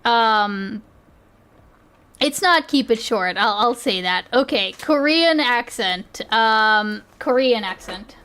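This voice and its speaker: High-voiced woman streamer, laughs easily, talks in loose restarts. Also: animated, slow pace, fairly bright tone, clean tone. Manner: giggly, rambling, often restarting sentences. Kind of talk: casual reaction stream chat.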